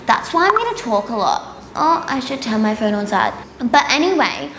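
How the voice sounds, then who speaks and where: A woman's voice: on the high side, sing-song, normal speed, fairly bright tone, a little hiss or hum. A tired young woman chatting casually through a hair tutorial in a salon, rambling and poking fun at herself. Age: young adult. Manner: chatty, self-mocking, giggly, rambling. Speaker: beauty vlogger. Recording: roomy salon with music underneath.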